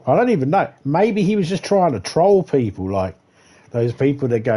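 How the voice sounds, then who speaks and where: A man's voice: fairly high pitch, sing-song, normal speed, dark tone. A man with an Australian accent, a gaming streamer ranting casually on a live stream and swearing freely. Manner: ranting, swears freely, laughs at his own jokes. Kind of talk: casual rambling chat while live gaming.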